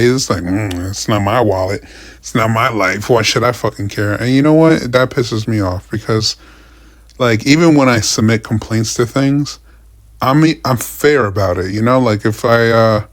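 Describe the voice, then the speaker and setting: A man's voice: medium pitch, no echo, studio quality. A young man ranting casually about his week, profane and frustrated, rambling with many restarts. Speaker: vlogger. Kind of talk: casual rant.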